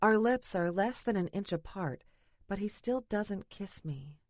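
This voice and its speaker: A woman reading a first-person romance audiobook in an intimate, breathy way. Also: medium pitch, animated, a little slow, a little mellow, dry recording. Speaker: audiobook narrator.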